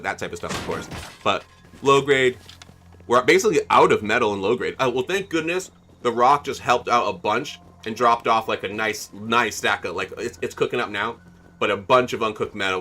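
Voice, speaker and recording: A man's voice: mid-range voice, a bit bright. A man livestreaming a game with a mid-range voice talks casually to his chat. He rambles, laughs often and thanks viewers by name as he goes. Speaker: game streamer.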